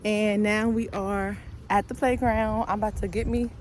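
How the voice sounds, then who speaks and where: Chatty mom vlogging outdoors, noisy. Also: female voice, mid-range voice, steady tone, normal speed, darkish tone. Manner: chatty, narrating while walking with her kids. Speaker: vlogger mother. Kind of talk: casual vlog narration. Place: outdoor nature trail. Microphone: handheld camera.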